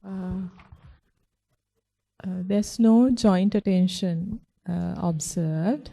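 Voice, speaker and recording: A woman answering in a class, hesitant and pausing often on fillers. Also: fairly low pitch, steady tone, creaky, mellow, no echo.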